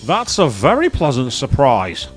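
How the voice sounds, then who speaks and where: A man chatting excitedly as he commentates his own racing game play, thinking aloud to viewers. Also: mid-range voice, a little slow. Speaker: gaming streamer. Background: game music and engine sounds.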